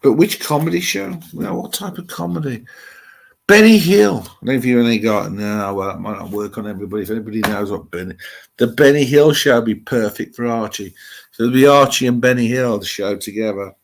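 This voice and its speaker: A man's voice: medium pitch, lively intonation, a little fast, vocal fry. A middle-aged man with an English Midlands accent, hosting a live stream and chatting loosely with viewers' comments, rambling as he thinks aloud.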